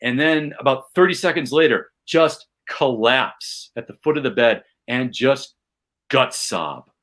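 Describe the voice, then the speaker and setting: Excitable man telling a sports story. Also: mid-range voice, measured pace. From Chicago, USA. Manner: animated, builds tension, self-mocking. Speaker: podcast guest, comedian. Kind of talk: casual storytelling chat.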